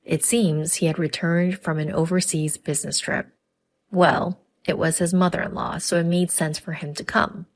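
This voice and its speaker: Woman reading a family drama story out, plain steady telling, slightly low voice. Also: normal speed. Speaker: narrator. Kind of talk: scripted first-person story narration.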